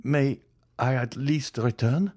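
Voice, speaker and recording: A man's voice: mid-range voice, slow, darkish tone, no room sound, clean studio sound, pitched above the performer's own voice. A man voicing a grieving, vengeful young man. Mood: urgent. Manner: pleading, swearing vengeance.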